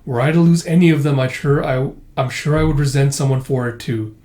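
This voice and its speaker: A man's voice: mid-range voice, fairly even intonation, a little fast, warm tone, reverberant, lightly acted. A man reading a gracious, solemn older woman.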